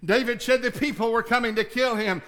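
A male pastor preaching a sermon, dropping to low murmurs and rising to shouted, pleading prayers. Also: a little fast.

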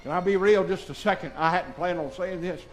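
A pastor, preaching a sermon. He swings from shouted, fervent preaching to soft, tearful confiding in a church. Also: high voice, a little fast, slight background noise, poor audio. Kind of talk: emotional sermon. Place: church sanctuary.

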